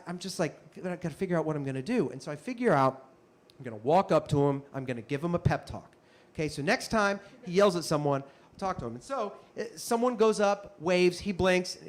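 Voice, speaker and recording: Animated high-voiced male storyteller. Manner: animated, punchy, frequent asides. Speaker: comedian and storyteller. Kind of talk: stand-up storytelling.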